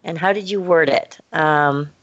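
A woman's voice: measured pace, no room sound. A woman co-hosting a casual chat, telling a story and acting out the dialogue. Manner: animated, acts out quoted dialogue. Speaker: podcast co-host telling a story. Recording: dull dry low-fi sound.

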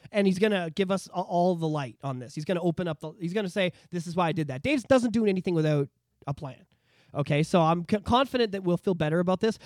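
Male podcast co-host with a lively swinging voice, swears freely and rants with gusto, dry close-mic sound. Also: sits high, dry recording. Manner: animated, profane ranting. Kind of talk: casual chat.

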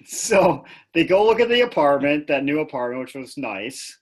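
Husky-voiced man with wry asides. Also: fairly high pitch, very animated, moderate pace. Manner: wry, recapping with sarcastic asides. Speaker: podcast co-host. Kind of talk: casual podcast chat.

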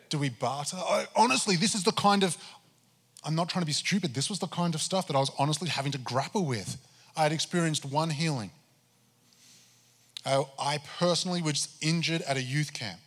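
A man's voice: fairly high pitch, a bit bright, breathy edge, big-room sound. A pastor preaching a sermon, telling his own story with animation and acting out his prayers to God. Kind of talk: sermon testimony.

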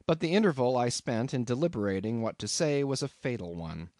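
A man reading a classic novel aloud as an audiobook narrator, in an expressive, dramatic way. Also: medium pitch, brisk, no echo, studio quality.

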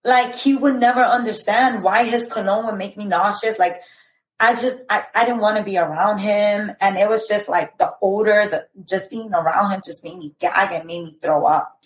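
A woman's voice: medium pitch, fairly even intonation. Woman telling a painful story, echoey. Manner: earnest, halting retelling with frequent "like" and "I remember". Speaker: podcast guest. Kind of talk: personal storytelling. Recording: roomy echo.

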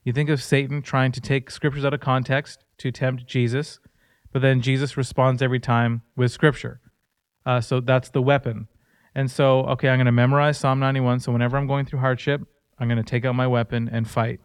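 A man's voice: mid-range voice, level tone, fairly quick, clean tone, no echo. A man in his thirties co-hosting a casual faith-based podcast, telling personal stories in an earnest, conversational way. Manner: earnest storytelling. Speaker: podcast co-host.

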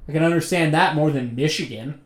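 A man's voice: a little high, brisk. A young man chatting casually, arguing stubbornly and disagreeing. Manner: argumentative, stubborn. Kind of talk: casual chat. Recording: echoey room.

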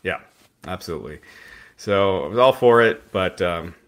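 A man's voice: low voice, animated, normal speed. A man hosting a casual podcast, recapping events in a rambling way with fillers and restarts. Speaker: podcast host recapping wrestling.

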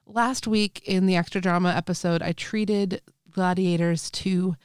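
A woman's voice: fairly low pitch, fairly even intonation, measured pace, darkish tone, clean tone, dry recording, studio quality. A woman hosting a podcast in casual chat, bubbly and laughing often. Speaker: podcast host.

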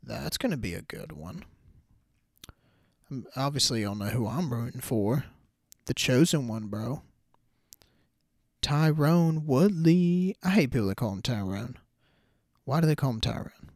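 Young male podcast host, animated, cursing, mid pitch, dead dry mic. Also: moderate pace, creaky, pauses often, no echo. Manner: animated, incredulous, swears freely. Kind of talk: casual combat sports chat.

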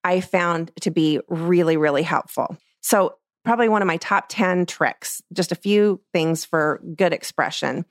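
A middle-aged woman, a portrait photographer, explaining her craft in a casual, animated way and acting out what she says to clients. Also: lowish voice, a little slow, few pauses, dry recording, studio quality. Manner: lively, acts out what she tells clients. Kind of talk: casual teaching talk.

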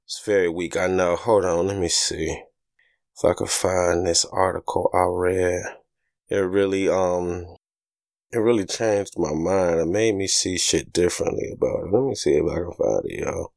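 A man hosting a casual podcast, talking loosely and profanely, telling stories and jumping into high joking voices, while getting over a stomach flu. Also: moderate pace, gravelly, no room sound, studio quality. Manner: loose, profane, animated storytelling with sudden high jokey voices. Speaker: podcast host. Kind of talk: casual solo podcast monologue.

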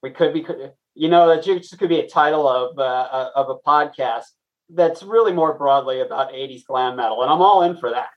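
A man's voice: mid-range voice, normal speed. Chill guy answering quiz stuff, dry jokes, a bit muffled lo-fi mic. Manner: relaxed, hesitant with fillers, dry humor. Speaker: quiz contestant and co-host. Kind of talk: casual podcast chat.

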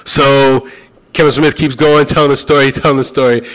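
A young adult man telling a story in casual chat, animated and swearing, acting out the other people's lines. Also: medium pitch, brisk.

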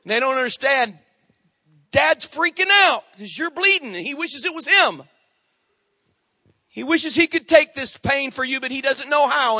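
A middle-aged man preaches a sermon with an animated delivery, pausing to call for amens from the congregation. His voice sits high and has a bright, forceful edge. The recording is dry and close. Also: dry recording. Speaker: pastor.

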